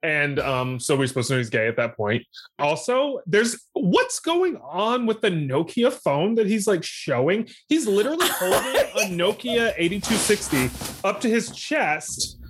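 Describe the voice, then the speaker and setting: Lively chatty man recapping a movie. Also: high voice, measured pace, breathy edge. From Texas. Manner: chatty, animated, playful and joking. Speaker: podcast co-host. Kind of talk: casual movie-recap chat.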